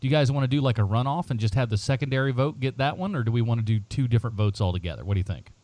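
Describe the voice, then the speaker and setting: A man's voice: medium pitch, racing, a little mellow, no room sound. A middle-aged man hosting a casual podcast, rambling with many fillers and frequent laughter. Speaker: podcast host.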